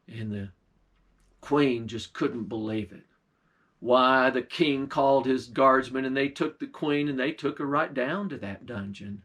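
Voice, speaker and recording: Folksy pastor spinning a tale. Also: male voice, medium pitch, measured pace, fairly bright tone, slightly rough. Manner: folksy drawling storyteller, old-time dialect. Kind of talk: folktale storytelling.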